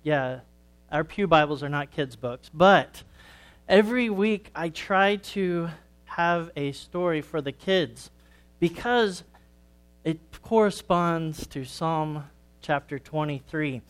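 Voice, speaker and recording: Pastor reading a children's story aloud. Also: male voice, fairly high pitch, animated, slow pace, smooth.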